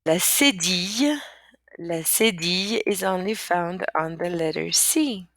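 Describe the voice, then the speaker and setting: Woman, teacher, unhurried delivery, gravelly tone. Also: on the low side, a bit bright, no echo, studio quality. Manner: patient, repeats words and says "okay" often. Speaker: French teacher. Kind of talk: online language lesson.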